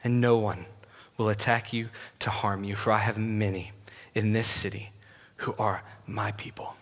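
A man voicing God in a vision, speaking slowly and quietly, almost in a whisper, in a reverberant hall. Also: lowish voice, level tone, voice pushed down, natural voice. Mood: hushed, reassuring. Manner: hushed, slow, nearly whispered. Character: God speaking softly in a vision, calm and reassuring. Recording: long reverb of a large hall.

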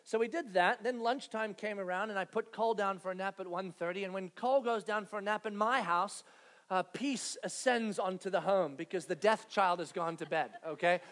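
High-pitched and speaking at normal speed, this thirty-something pastor acts out a family story from the pulpit, erupting into loud, animated moments.

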